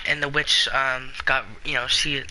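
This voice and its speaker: A man narrates a tabletop role-play as game master. His middle-pitched voice is hesitant and full of fillers. A noise floor runs under the voice chat recording. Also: little pitch movement, unhurried. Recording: background noise.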